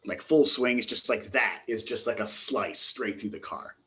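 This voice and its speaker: A man's voice: on the low side, normal speed, pushed and bright, slight background noise. A man narrating as game master for a tabletop roleplaying game, talking loosely with lots of fillers.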